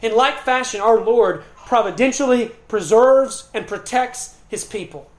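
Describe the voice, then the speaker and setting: A man preaching a sermon as pastor, earnest and emphatic, leaning on repetition and pauses. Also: very high-pitched, reverberant.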